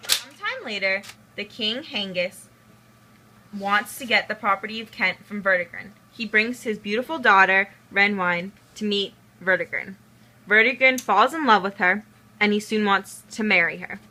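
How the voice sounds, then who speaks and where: A woman's voice: mid-range voice, normal speed, sharp tone, poor audio. A young woman reading the narration of a student history video project. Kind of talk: amateur school video narration.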